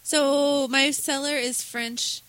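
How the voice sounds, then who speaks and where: A woman with a Southern American accent chats and tells stories as a podcast co-host. Her voice is bright and a bit high. She giggles between stories. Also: steady tone, slow, slight background noise. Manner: chatty, giggly storyteller. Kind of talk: casual chat.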